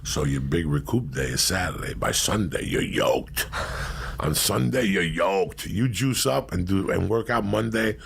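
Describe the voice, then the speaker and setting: A middle-aged man telling crude, profane stories in a brash, animated way on a talk show. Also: low-pitched, normal speed, vocal fry, few pauses, slight background noise. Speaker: storyteller guest. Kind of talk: profane casual storytelling.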